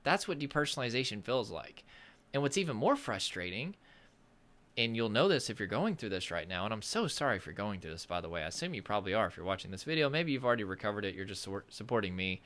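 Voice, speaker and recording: A man's voice: on the low side, big pitch swings, fast, a bit bright. A man from the American South talking casually to camera as a coach, rambling and searching for words, with self-deprecating humor. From Southern United States. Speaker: nervous system coach.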